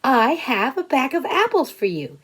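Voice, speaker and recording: A woman voicing a cheerful, helpful young boy in a children's story, with a bright, eager delivery. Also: sits high, very animated, normal speed, slightly rough, pitched above the performer's own voice, exaggerated voice.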